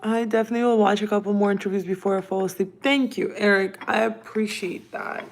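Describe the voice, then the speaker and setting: A woman's voice: mid-range voice, fairly even intonation, fast talker. A woman whose first language is Russian, chatting casually on a live stream as she reads viewer comments aloud and talks to her cat. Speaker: livestream host reading viewer comments.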